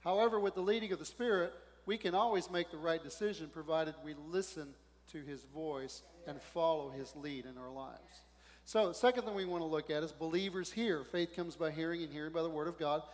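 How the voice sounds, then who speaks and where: Animated preacher man in a big hall. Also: on the high side, a little fast. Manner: conversational, animated, asks the congregation questions. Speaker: pastor. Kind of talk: sermon. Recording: long hall reverb.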